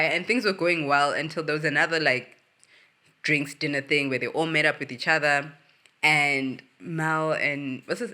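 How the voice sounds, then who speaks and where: Woman host gossiping over a reality show, sharp bright voice, acts out all the quotes, laughs and swears a lot. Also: deep voice. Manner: animated, acts out quotes from the cast; chatty, laughs often, swears casually. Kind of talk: casual reality-show recap.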